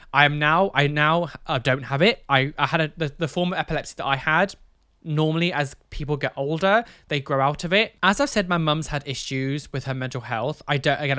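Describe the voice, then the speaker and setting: A young man telling a painful personal story to camera, candid and emotional, halting with fillers. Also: on the high side, fairly bright tone, clear, resonant tone, no room sound, clean studio sound. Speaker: vlogger.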